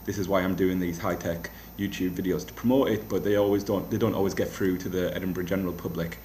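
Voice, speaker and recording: A young comedian vlogging casually from a flat, rambling and self-deprecating with many restarts. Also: male voice, low-pitched, fast, slight background noise. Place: rented flat. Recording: echoey room.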